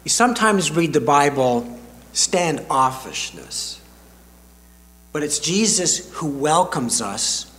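An older male pastor delivers a sermon at an unhurried, deliberate pace. His pitch rises and falls with lively expression, and he leans on long dramatic pauses. The voice rings out through a reverberant church hall.

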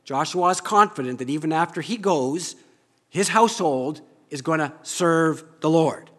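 A man preaching a sermon, reading scripture aloud and leading the congregation in spoken responses, rising loud on key phrases. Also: fairly high pitch, moderate pace. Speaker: pastor. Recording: reverberant church hall.

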